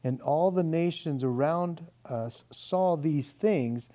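Male pastor, sermon delivery, lively and conversational, higher-pitched voice. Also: takes it slowly. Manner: animated, acts out quoted voices, says "man" often.

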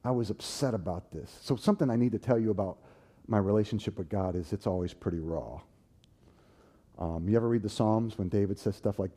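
A man preaching and telling his own story, swinging from loud, animated bursts to hushed, tender tones. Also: fairly low pitch, fairly quick, breathy edge. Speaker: preacher giving a personal testimony. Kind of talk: sermon storytelling.

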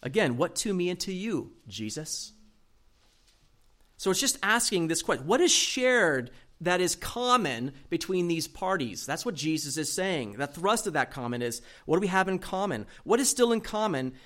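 Animated man preaching a Bible sermon. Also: sits high, normal speed. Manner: animated, dips quiet for emphasis, reads verses aloud. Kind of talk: sermon teaching from scripture.

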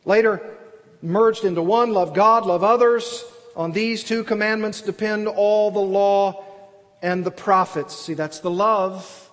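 A man's voice: sits high, steady tone, a little slow, fairly bright tone, in a large hall. A man preaching an expository sermon, earnest and emphatic, asking and answering his own questions. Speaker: pastor.

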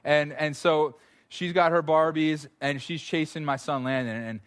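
A man in his thirties preaching a sermon, telling stories in an animated way and repeating words as he builds a point. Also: fairly high pitch, a little slow. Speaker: pastor.

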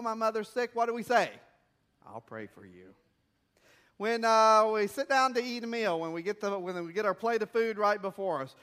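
A man's voice: high-pitched, a bit bright. A man preaching a sermon as a missionary pastor, telling stories and asking the congregation questions in a conversational way. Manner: conversational storytelling with rhetorical questions.

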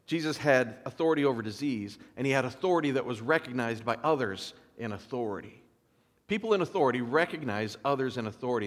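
Man preaching casually in a reverberant hall. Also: mid-range voice. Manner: animated storytelling with asides and little laughs; casual, conversational preaching with fillers. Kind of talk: sermon reading and explaining scripture.

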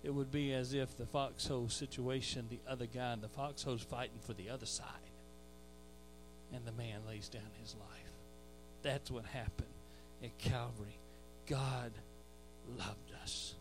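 A man preaching a verse-by-verse sermon as pastor. He rises to shouted emphasis on key phrases and sometimes repeats a word as he restarts. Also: medium pitch, fairly even intonation, measured pace, music in the background, poor audio. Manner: repeats words when restarting. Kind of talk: expository sermon.

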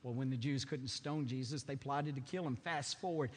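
A man preaching a sermon as pastor, emphatic, swinging widely between loud and hushed. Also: steady tone, a little fast, in a large hall. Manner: emphatic, sweeping swings in pitch and loudness.

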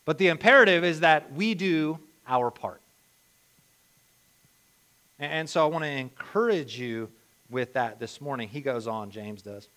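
A man preaching a sermon, telling a lively story and then reading and explaining scripture aloud. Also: on the high side, unhurried, long pauses. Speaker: pastor.

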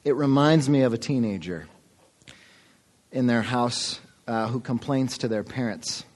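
A man's voice: medium pitch, unhurried, darkish tone. A man preaching a sermon as pastor, earnest and calling his listeners folks. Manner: earnest, addresses the congregation as folks.

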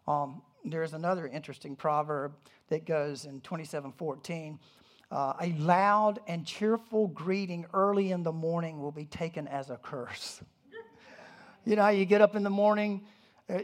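Preacher talking casually thru a sermon, jokey asides, keeps restarting sentences, mid pitch. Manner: animated, humorous asides, frequent restarts. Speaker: pastor. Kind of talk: conversational sermon.

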